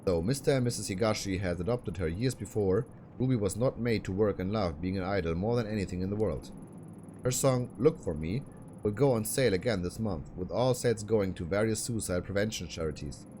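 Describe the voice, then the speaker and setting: A man's voice: fairly low pitch, brisk, warm tone, slight background noise, close to an everyday voice. A man reading a female detective's lines from a game in a plain voice. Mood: somber.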